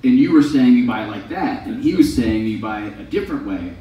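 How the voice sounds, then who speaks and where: A man's voice: mid-range voice, expressive, fairly quick, highs cut off. A Scottish man chats with fans, joking and spinning little stories. He is picked up far from the mic, and a strong echo fills the room. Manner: joking storyteller. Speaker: musician chatting with fans. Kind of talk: casual chat.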